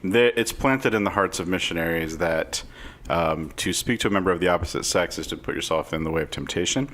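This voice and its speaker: A man's voice: sits low, brisk, a bit bright, a little hiss or hum. A man co-hosting a casual podcast, wry and sarcastic, laughing often as he talks. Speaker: podcast co-host, social worker.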